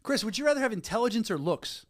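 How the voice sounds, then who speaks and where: A man's voice: sits high, big pitch swings, fast talker, no room sound, studio quality. A middle-aged man hosting a casual podcast, joking and laughing often. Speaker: podcast host.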